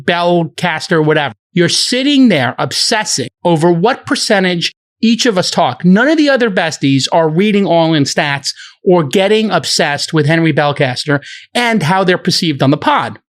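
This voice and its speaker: A man moderating a podcast, delivering a heated, profane rant in a heated argument. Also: fairly high pitch. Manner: ranting, profane, emphatic.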